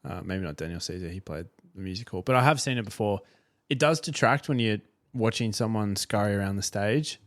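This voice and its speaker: A man's voice: on the low side, brisk. A man co-hosting a music podcast, giving dry, teasing remarks and short replies in casual chat. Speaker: podcast co-host.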